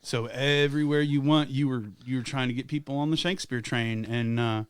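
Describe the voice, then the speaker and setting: A man's voice: medium pitch, steady tone, fairly quick, smooth, no room sound. Male podcast guest, teasing raconteur, dry close mic. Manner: swearing, joking, teasing. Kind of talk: casual storytelling chat.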